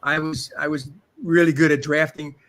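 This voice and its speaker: An older man who once played football and acted spins boastful tales in an animated interview, imitating what other people said. His voice sits a little high with a level tone, fairly bright, at a normal speed.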